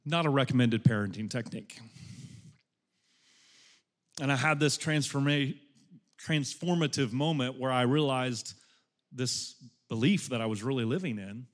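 Delivering a sermon, this middle-aged male pastor swings between fervent, booming exhortation and quiet, whispered storytelling, all at a medium pitch.

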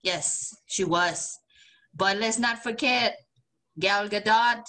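Woman doing a slow-spoken, genteel 1950s lady for a podcast chat; ladylike and old-fashioned. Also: mid-range voice, bright, forceful tone. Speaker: podcast co-host. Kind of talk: casual chat in a put-on voice.

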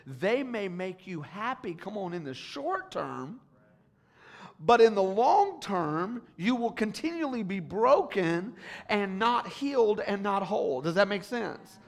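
Male pastor, high voice, gravelly, preaching sermon, swings from hushed to loud. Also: sing-song, a little slow.

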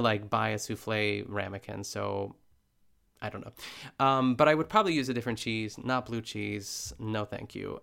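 A man's voice: medium pitch, vocal fry, a bit bright. A man hosting a podcast, talking in a casual, chatty way with lots of filler words and frequent laughs. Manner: laughs often while talking. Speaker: podcast host.

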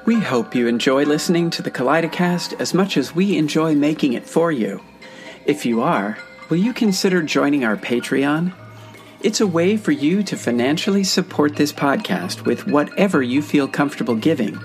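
A man hosting a fiction podcast, reading a scripted appeal for support in an earnest, measured way. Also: on the high side, animated, faint music behind. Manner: earnest, measured, spells things out. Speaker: podcast host.

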